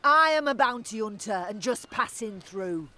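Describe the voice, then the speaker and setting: A surly orc bounty hunter. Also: female voice, on the high side, expressive, moderate pace, sharp tone. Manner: curt, threatening.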